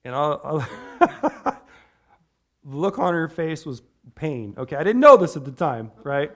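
A man delivering an informal sermon in a talkative, meandering way. His voice sits a little higher than usual for a man. He restarts his sentences and keeps checking in with the room by asking "right?". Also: very animated, a little slow, a bit bright. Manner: chatty, tags lines with "right?"; rambling with restarts. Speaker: preacher.

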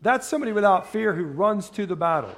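High-voiced preacher. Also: male voice, expressive, a bit bright. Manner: conversational, asks the congregation questions, slows down for scripture reading. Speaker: pastor. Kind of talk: sermon.

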